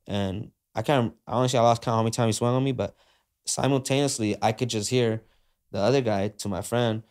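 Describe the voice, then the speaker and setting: A man's voice: mid-range voice, fairly even intonation, a little fast, darkish tone. A man, a podcast guest, retelling a story in slangy casual speech, full of "like" and "uh", acting out the quoted dialogue. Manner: frequent fillers like "like" and "uh".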